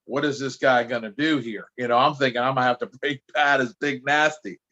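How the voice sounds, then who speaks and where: A chatty New Jersey man, appearing as a podcast guest and known as an anti-drug speaker, tells casual stories animatedly, full of stumbling restarts. His voice is mid-range, fairly quick, and the sound lo-fi.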